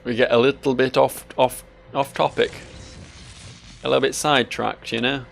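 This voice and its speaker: A man's voice: medium pitch, level tone, quick pace, vocal fry, faint music behind. A sleep-deprived man, giving rambling, sweary gameplay commentary full of self-mocking asides. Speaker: let's play host.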